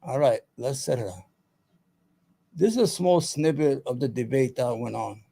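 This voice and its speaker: Heated, cursing livestream host. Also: male voice, medium pitch, normal speed, creaky, dark tone, breathy edge. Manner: heated, profane, repeats himself; chatty asides to viewers. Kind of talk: ranting political commentary.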